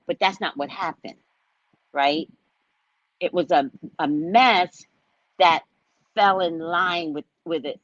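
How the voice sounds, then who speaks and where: A woman hosting a casual psychic livestream who tells stories in an animated, profane way. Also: fairly low pitch, no echo. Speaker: psychic reader and host. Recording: dull lo-fi sound.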